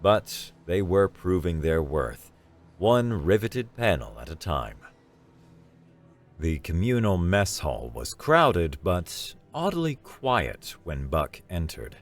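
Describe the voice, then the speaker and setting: A man with a very deep voice narrates a scripted science fiction story. His delivery is slow and even, keeping a steady storytelling pace.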